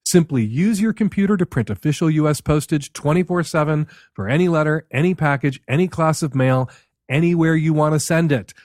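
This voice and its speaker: A man's voice: a little high, fairly quick, darkish tone, no room sound, studio quality. A man hosting an advice show, reading an ad and then questioning a caller in an emphatic, skeptical way. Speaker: host. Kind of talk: host read ad and advice commentary.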